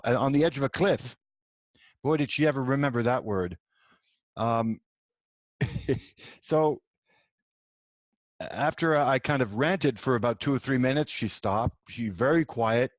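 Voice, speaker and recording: A man's voice: medium pitch, no echo. A middle-aged man hosting a show, telling a personal story and acting out the dialogue, with frequent restarts. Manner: animated, acts out quoted dialogue with many restarts. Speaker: host.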